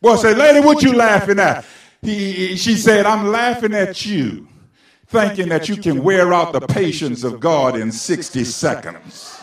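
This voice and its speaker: A preacher delivers his sermon in a high, slow voice, stretching out his words and climbing into shouts. He is picked up from a distance, and the church rings with echo. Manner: rising to shouted preaching with storytelling. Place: church sanctuary. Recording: echoey church from far off.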